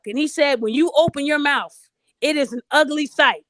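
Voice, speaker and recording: A woman's voice: sits high, moderate pace, fairly bright tone, dry recording. A woman hosting a podcast, telling a personal story in a blunt, profane, casual way and addressing her listeners directly. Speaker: podcast host.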